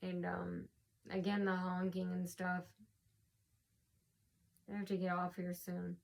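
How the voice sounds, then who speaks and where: A woman's voice: fairly low pitch, completely flat delivery, slow, vocal fry. A worn-out woman recounts a personal run-in in a loose, rambling vlog. She circles back on herself with fillers, restarts and repeated phrases, and sounds short on sleep. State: tired from lack of sleep. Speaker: vlogger.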